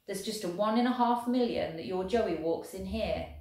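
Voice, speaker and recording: A woman's voice: mid-range voice, moderate pace, warm tone, close to an everyday voice. A woman voicing a blunt, exasperated male soldier who scolds his friend. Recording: very echoey room.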